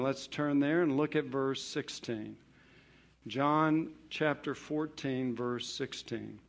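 A man preaching a sermon on scripture, emphatic, rising on key points and falling quiet at their close. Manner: emphatic, building to stressed promises then dropping low.

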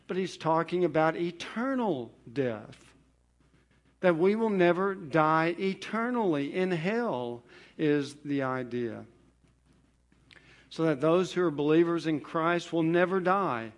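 A man preaching a sermon on scripture, emphatic, rising on key points and falling quiet at their close. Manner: emphatic, building to stressed promises then dropping low.

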